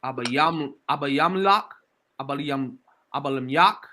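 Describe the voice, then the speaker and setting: A man slowly reading scripture aloud, sounding out each word syllable by syllable. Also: a little high, pushed and bright, slight background noise. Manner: halting, sounds out words syllable by syllable. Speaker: reader.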